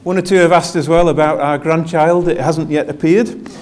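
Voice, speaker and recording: A man's voice: a little high, steady tone, normal speed, a little mellow. An older man, a pastor, giving a chatty, self-deprecating Christmas sermon and drawing answers from his congregation. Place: church with live congregation.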